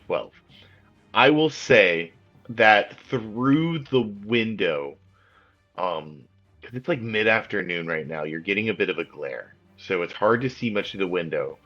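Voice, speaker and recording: A man narrates a tabletop game as game master, with a lowish pitch and a bright, forward tone. He describes the action loosely and leans on filler words. The recording sounds dull and lo-fi, with faint music underneath. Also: animated, a little slow.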